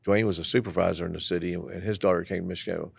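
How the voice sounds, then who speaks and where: An older man speaks in a low, rough, gravelly voice, recorded close and dry. He tells his stories with energy and acts out the people in them. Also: fairly even intonation, racing, no room sound. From southeastern Tennessee. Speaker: guest, former elementary school principal. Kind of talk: storytelling interview.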